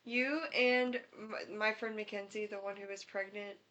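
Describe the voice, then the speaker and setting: Young woman, podcast co-host, casual chat, bright tense voice, earnest. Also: medium pitch, fairly even intonation, moderate pace, dull audio.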